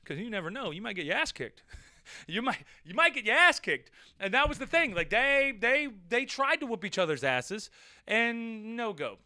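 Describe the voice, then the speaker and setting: A man with a high, very bright voice spins a rambling personal story. He repeats himself constantly and swears freely in a casual tone. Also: sing-song, moderate pace, clear, resonant tone. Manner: rambling, repetitive and profane. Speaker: vlog host.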